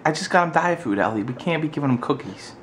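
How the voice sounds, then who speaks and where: An American man chatting casually with his toddler on camera, using playful baby talk and high, coaxing questions. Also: animated, quick pace, a bit bright, slight background noise. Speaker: parent vlogger.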